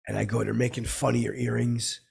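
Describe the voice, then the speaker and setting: A man's voice: medium pitch, flat delivery, fairly quick, a little mellow, full character voice. A man playing a dim, self-absorbed hustler who hosts a comedy podcast, rambling and repeating "I go" over and over. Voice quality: gravelly, very raspy. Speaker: podcast host. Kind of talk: comedic character monologue.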